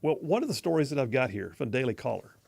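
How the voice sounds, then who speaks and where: A man hosting a conservative talk radio show in a studio, mocking and animated, stretching words for emphasis. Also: mid-range voice, quick pace, creaky. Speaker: radio host. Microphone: studio mic.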